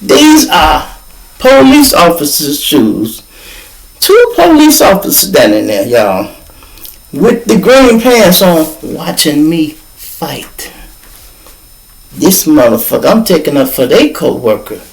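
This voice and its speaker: Older man, Chicago accent, high voice, swooping delivery, profane animated storytelling. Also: slow, vocal fry, poor audio. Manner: animated, profane, sound effects. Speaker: podcast host. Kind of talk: casual storytelling.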